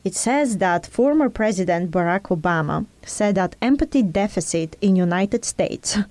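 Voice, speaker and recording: Warm-voiced woman explaining earnestly. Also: medium pitch, animated, normal speed, dry recording. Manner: earnest, teaching tone with personal examples. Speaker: speaker in a conversation.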